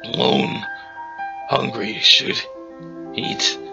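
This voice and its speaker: Man putting on a rasping starved wendigo. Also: lo-fi sound, over music. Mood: hungry moaning. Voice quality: rasping, breathy whisper. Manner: slow, drawn-out moaning. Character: ravenous male wendigo monster, starving and lonely.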